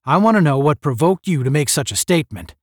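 Sarcastic space-cadet captain, read by a man, deep, clipped and lively in pitch, bone-dry sound. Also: quick pace, no echo. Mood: stern. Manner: barking, clipped commands. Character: stern male space academy captain, cold and sarcastic.

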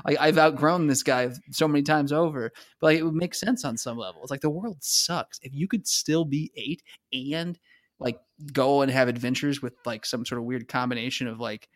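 A man's voice: medium pitch, moderate pace, no echo, clean studio sound. A young man co-hosting a podcast in casual chat, rambling with lots of fillers and laughing easily. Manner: rambling, full of "like" and "you know", laughs easily. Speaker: podcast co-host.

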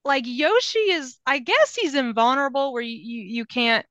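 A woman's voice: high voice, moderate pace, a bit bright, no echo. A woman guest in a casual gaming chat, talking in a loose, filler-heavy way and laughing often. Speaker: podcast guest.

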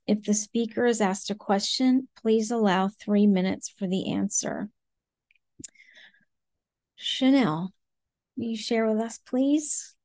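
A woman's voice: mid-range voice, takes it slowly, long pauses, a little mellow, no room sound. A woman chairing a support meeting over a video call, politely reading out the guidelines. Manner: orderly, polite.

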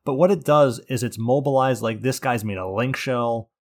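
A man in a casual gaming chat, animated and sarcastic, swearing freely as he rants. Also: medium pitch, moderate pace.

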